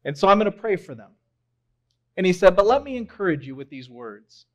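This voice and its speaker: A young man preaching a sermon, telling a story in an animated way and swelling loud on key phrases. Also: high voice, brisk, muffled recording. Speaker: pastor.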